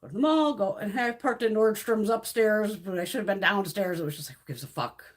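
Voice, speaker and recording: A woman's voice: mid-range voice, a little fast. A middle-aged woman telling a long story with lots of swearing on a beauty livestream, acting out what everyone said. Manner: profane, animated storytelling, acts out quoted voices.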